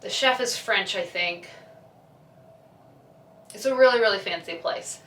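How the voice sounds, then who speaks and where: A young woman chats away as a vlogger, gushing and acting out bits of dialogue. Her voice is bright and clear, but she sits a little back from the mic. The room adds a noticeable echo. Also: medium pitch, measured pace, a little hiss or hum. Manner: chatty, gushing, acts out characters' lines. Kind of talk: casual chat. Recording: echoey room, a bit far from the mic.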